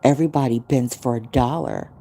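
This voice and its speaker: A woman in her forties hosts a podcast, speaking casually into a podcast mic with an extremely low, creaky voice at a fairly quick clip. She tells a story in an animated way, acting out other people's quotes and laughing often.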